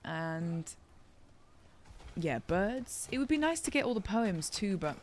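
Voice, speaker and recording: A woman's voice: mid-range voice, big pitch swings, slow, a little hiss or hum. A woman streamer chatting casually as she plays a video game, thinking aloud and poking fun at herself. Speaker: gaming streamer. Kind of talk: casual let's-play commentary.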